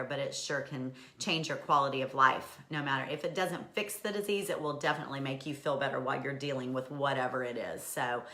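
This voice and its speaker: A woman hosts a casual live stream, speaking to viewers in a bright, forceful voice with a fairly low pitch. She talks in an encouraging, emotional way and laughs often. The sound is roomy, with clear echo. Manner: encouraging, answers viewer comments by name. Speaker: host of a weekly live stream.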